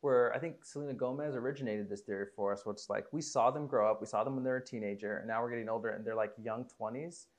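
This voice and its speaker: A man co-hosting a casual movie podcast, relaxed and enthusiastic about film, swearing casually at times. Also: mid-range voice, quick pace, few pauses. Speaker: podcast co-host.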